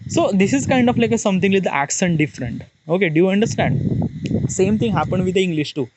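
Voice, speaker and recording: A man's voice: high-pitched, lively intonation, fast, heavy background noise. A man from Maharashtra with an Indian accent, talking in a rambling, casual monologue with lots of fillers and restarts. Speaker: vlogger.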